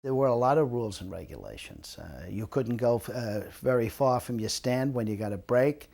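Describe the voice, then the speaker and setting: An older man recalls his days as a lifeguard in a relaxed, conversational way. He slips into other people's voices as he tells his stories, and his voice sits at an ordinary middle pitch. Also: normal speed, vocal fry. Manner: animated storyteller, acts out quoted voices. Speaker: retired lifeguard interviewee. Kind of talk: storytelling reminiscence.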